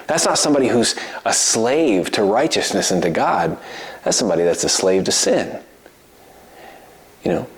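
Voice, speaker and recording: Animated man preaching a casual sermon. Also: on the low side, moderate pace, long pauses. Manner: animated, rhetorical questions, frequent "right?" and "you know?"; chuckles between points, repeats words as he thinks. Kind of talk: conversational sermon.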